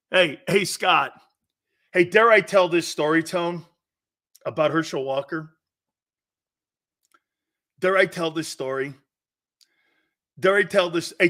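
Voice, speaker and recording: Hosting a sports talk show, this middle-aged man has a fairly high, slightly bright voice. His talk is casual and loose, broken by frequent laughter mid-sentence as he peppers his crew with questions.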